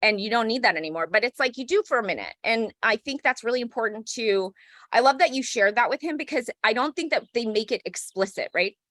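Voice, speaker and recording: A woman's voice: fairly high pitch, lively intonation, fast talker, fairly bright tone, no room sound, studio quality. A woman co-hosting a parenting podcast, talking in a reflective, affirming way and often checking in with "right?". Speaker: podcast co-host. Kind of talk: casual conversational chat.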